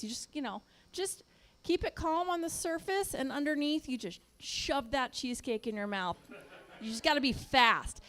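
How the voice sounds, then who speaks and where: High-voiced woman doing stand-up. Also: lively intonation, normal speed, fairly bright tone. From born in Texas, raised Midwest and Washington. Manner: storytelling, acts out quoted voices. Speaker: stand-up comedian. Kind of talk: stand-up comedy set. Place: comedy club stage.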